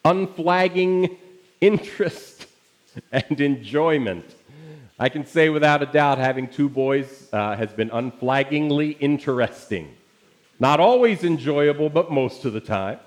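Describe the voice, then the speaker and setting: A man's voice: mid-range voice, moderate pace. A man preaching a Father's Day sermon as pastor, telling stories in a conversational way and turning to the congregation with asides. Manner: conversational storytelling with audience asides.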